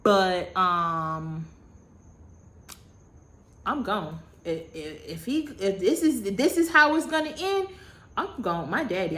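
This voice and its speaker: Animated woman in her thirties, telling a storytime. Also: medium pitch, unhurried. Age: 30s. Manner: animated, dramatic retelling with repetition; slangy, self-mocking. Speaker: vlogger. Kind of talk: casual storytime.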